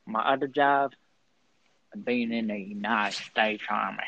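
A man's voice: on the low side, measured pace, gravelly, sharp tone, a little hiss or hum. A young man with a rural Pennsylvania accent, co-hosting a podcast and answering questions in a boastful, teasing redneck act. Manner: exaggerated redneck bravado, teasing. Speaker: podcast co-host. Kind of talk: joking in-character interview. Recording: dull lo-fi recording.

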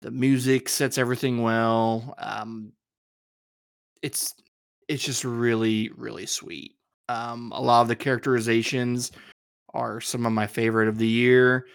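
A man's voice: medium pitch, little pitch movement, measured pace, vocal fry, clean tone, dry recording, clean studio sound. A man co-hosting a podcast in casual chat, talking hesitantly with many likes and ums. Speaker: podcast co-host.

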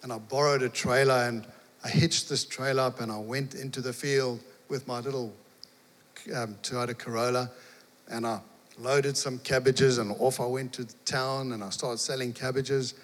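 A man preaching, telling a lively personal story and acting out the dialogue. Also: medium pitch, moderate pace. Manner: animated storyteller, acts out dialogue, laughs. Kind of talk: storytelling sermon. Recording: long hall reverb.

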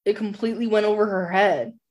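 A woman's voice: mid-range voice, fairly quick, darkish tone. A woman co-hosting a casual book podcast, rambling through a plot recap full of "like" fillers. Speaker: podcast co-host.

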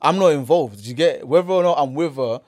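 A young man with a London accent telling a story on a casual podcast, acting out what people said with slangy, lively delivery. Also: fairly high pitch, fast, no room sound, studio quality. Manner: animated, acts out quotes, slangy. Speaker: podcast host.

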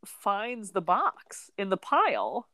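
A woman's voice: mid-range voice, big pitch swings, slow, sharp tone, dry recording. A woman in her thirties from the United States chatting on a podcast, telling a story with lots of laughs and casual swearing. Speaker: podcast co-host.

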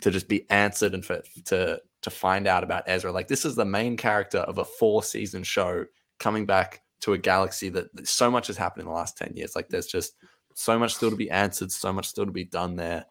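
A man's voice: deep voice, steady tone, fairly quick, fairly bright tone. A man co-hosting a podcast in casual chat, rambling and laughing easily. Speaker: podcast co-host.

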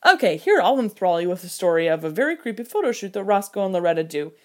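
A woman talks through a movie in a loose, chatty commentary. She is animated and jokey, slipping into mock outrage and brief put-on voices for the characters. Her pitch sits in an ordinary middle range for a woman. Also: fast. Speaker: film reviewer. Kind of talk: casual solo commentary.

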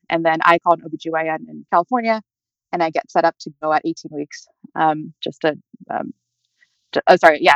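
Talking fast with lots of casual fillers such as "like" and "you know," a deep-voiced young woman recounts a personal story as an interview guest. The dull, lo-fi recording is dry, without any room echo.

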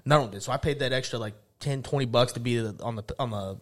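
A man's voice: medium pitch, fast talker. A man from Oklahoma telling rambling, profane stories in a casual chat and laughing through them.

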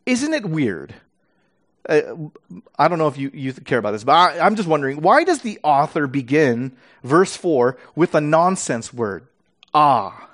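Preaching a sermon, a man reads scripture dramatically and then explains it casually and animatedly, with fillers and restarts. His voice is a little high and his pace measured.

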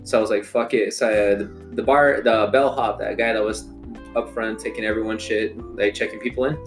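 A man's voice: on the low side, steady tone, fairly quick, faint music behind. A young man in casual chat, telling a loose, profane story among friends.

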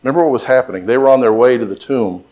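A man's voice: mid-range voice, very fast, darkish tone, lo-fi sound. A middle-aged man preaching a sermon as pastor, mixing emphatic repetition with joking stories.

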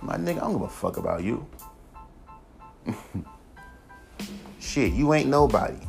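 A man hosting a solo podcast, ranting in a heated, profane way and mocking critics. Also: mid-range voice. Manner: profane, heated, mocks critics in put-on voices. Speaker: podcast host.

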